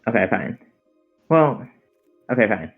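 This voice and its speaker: Low-voiced man on a tinny line. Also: very animated, a little slow, breathy edge, faint music behind. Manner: hesitant, terse, reluctant agreement. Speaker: co-streamer playing a card game. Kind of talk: casual gameplay chat.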